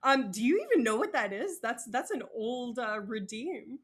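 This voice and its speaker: A woman's voice: on the high side, lively intonation, moderate pace, fairly bright tone. A young woman co-hosting a livestream in casual chat, playful and joking, often trailing off while she hunts for a word. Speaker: co-host.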